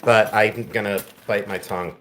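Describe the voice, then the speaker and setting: A man's voice: fairly low pitch, steady tone, moderate pace, a bit bright, a little hiss or hum. A man hosting a live jewelry sale stream, teasing viewers in the chat, laughing often and turning tender when he speaks to a friend.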